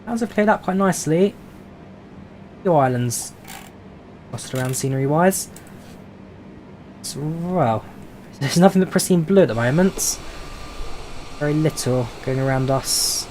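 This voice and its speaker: An animated man with a voice on the high side and a darkish tone speaks at a measured pace, pausing often. He's a flight sim streamer from London, England with a London accent, chatting casually on a live stream as he flies, reading viewer questions and answering with lots of "uh"s. A little hiss or hum is audible.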